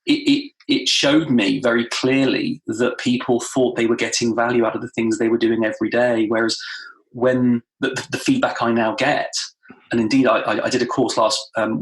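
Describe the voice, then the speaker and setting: A man, a guest trainer in a podcast interview, telling stories animatedly and acting out quotes. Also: brisk. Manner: animated storytelling, acts out quotes with rising pitch. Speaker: guest, time management trainer. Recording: roomy echo.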